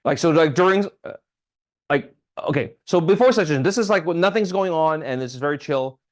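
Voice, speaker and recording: A man's voice: fairly high pitch, brisk. Man giving a casual how-to talk. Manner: conversational, frequent ums and restarts, checks in with "okay?". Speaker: state legislator giving advocacy training. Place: town hall meeting.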